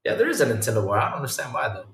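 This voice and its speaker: Animated man hosting a gaming podcast. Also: mid-range voice, racing, gravelly, roomy sound. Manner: animated, laughs often, repeats himself. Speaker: podcast host reading live chat. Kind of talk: casual livestream chat.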